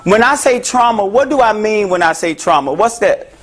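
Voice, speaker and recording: Man, high voice, interactive health talk, joking, asks audience questions. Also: lively intonation, normal speed. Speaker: mental health speaker. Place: room with a live audience.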